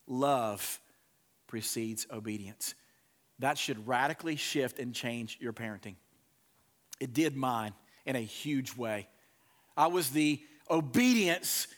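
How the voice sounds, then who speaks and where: Animated preaching man, fairly high voice. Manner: animated preaching, swinging from loud emphasis to hushed softness. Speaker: pastor. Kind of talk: sermon.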